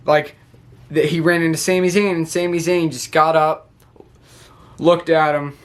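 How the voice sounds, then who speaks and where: A man with a notably high speaking voice talks straight to his viewers in a loose, chatty recap. He rambles through fillers and restarts and lights up with excitement as he retells. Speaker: wrestling reaction vlogger. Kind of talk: casual recap to camera.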